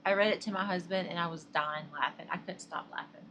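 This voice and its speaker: Chatty Southern woman with a bright voice. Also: fairly low pitch, fairly quick, slight background noise. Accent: Southern American. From Southern United States. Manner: chatty and rambling, laughs often. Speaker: crochet vlogger. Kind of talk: casual chat to viewers.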